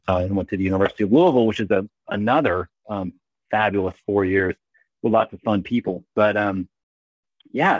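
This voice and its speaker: A middle-aged man from Kentucky, an emergency doctor telling animated, self-deprecating stories as an interview guest. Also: fairly low pitch, no echo. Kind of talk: casual interview storytelling.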